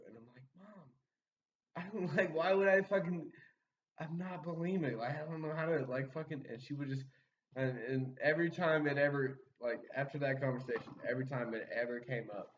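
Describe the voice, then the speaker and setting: A man's voice: fairly high pitch, fairly quick, slight background noise. A young man telling a story in casual chat, rambling with many fillers and frequent laughter. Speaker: podcast guest storyteller. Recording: muffled sound, distant from the mic.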